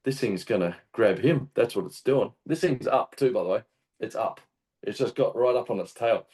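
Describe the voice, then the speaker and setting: A man with an Australian accent, a hunting guest telling a story in casual chat, animated and swearing often. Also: medium pitch, moderate pace. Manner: animated, swears often, acts out shouted quotes. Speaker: guest hunter.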